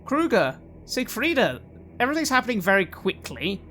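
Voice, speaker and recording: A woman narrating as game master for a tabletop roleplaying game, describing scenes in measured detail. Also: on the high side, very animated, a bit bright, slight background noise.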